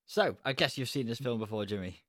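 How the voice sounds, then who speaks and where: A man with an average-pitched voice chats casually as a podcast co-host and laughs often. He reads facts from his notes in a relaxed way. The sound is dry and close. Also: brisk, no room sound. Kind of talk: casual chat.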